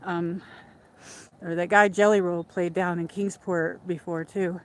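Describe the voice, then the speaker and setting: A woman's voice: lowish voice, little pitch movement, unhurried. A woman hosting a casual walk-and-talk livestream outdoors by a lake, chatting in a rambling way with lots of fillers, a little out of breath from walking, on a handheld phone. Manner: chatty and rambling, with many "like"s and restarts. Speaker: livestream host.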